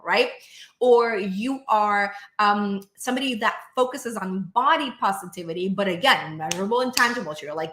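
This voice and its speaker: Woman business coach talking to camera, super emphatic, lots of "like, right?", bright voice, echoey room. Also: medium pitch, slight background noise. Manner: energetic, emphatic, peppered with "like" and "right?"; acts out clients' inner voices in quick asides. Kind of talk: direct-to-camera coaching monologue.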